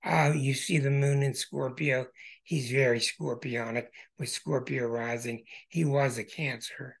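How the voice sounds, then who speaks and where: A man hosting an astrology show who walks through birth charts in an emphatic way, with bursts of excitement. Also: medium pitch, a little slow, creaky.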